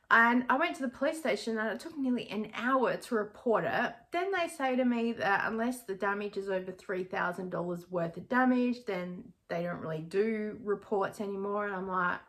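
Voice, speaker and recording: An Australian woman in her forties talks to her viewers in a lively, confiding way, often laughing as she tells her stories. Her voice sits in a middle pitch. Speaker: YouTuber. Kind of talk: casual storytelling vlog.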